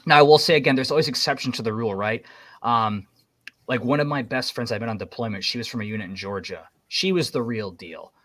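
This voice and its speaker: A man's voice: medium pitch, fast, no room sound. Rambling man telling army stories, dry sound. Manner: rambling, animated storyteller. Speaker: military veteran guest. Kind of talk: casual podcast chat.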